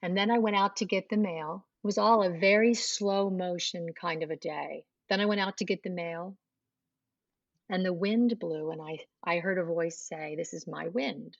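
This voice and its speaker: Low-voiced woman telling her story. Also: moderate pace, dry recording, lo-fi sound. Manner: storytelling, acts out quoted dialogue. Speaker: guest. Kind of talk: personal testimony in an interview.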